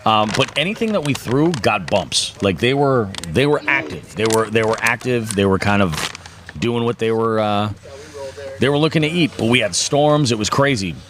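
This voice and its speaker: A man's voice: medium pitch, animated, moderate pace, a bit bright, slight background noise. A man hosting a fishing podcast in casual chat, rambling along with many fillers and restarts.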